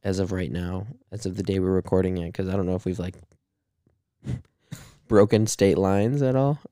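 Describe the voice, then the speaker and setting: A man's voice: low-pitched, steady tone, normal speed, dark tone, no room sound, studio quality. A young man co-hosting a podcast, rambling casually with lots of fillers and frequent laughs. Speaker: podcast co-host. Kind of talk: casual chat.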